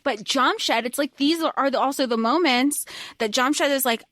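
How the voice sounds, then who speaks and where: A woman co-hosting a podcast, chatting casually and excitedly about a book and acting out characters' lines. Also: no echo, studio quality. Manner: excitable, quick pitch jumps when quoting characters. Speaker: podcast co-host.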